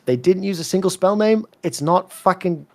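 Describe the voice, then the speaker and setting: A man from South Africa with a soft South African accent that leans British and American, telling his career story in an interview with blunt emphasis and plenty of swearing. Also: high-pitched, normal speed. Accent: soft South African, mixed with British and American. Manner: emphatic, swears freely, repeats words when fired up. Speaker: esports commentator, interview guest.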